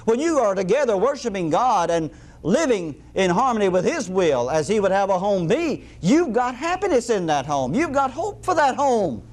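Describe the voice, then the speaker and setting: A middle-aged man delivers a folksy sermon full of humorous asides. His voice sits high and swings widely in pitch, so he sounds animated throughout. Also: normal speed. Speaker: preacher.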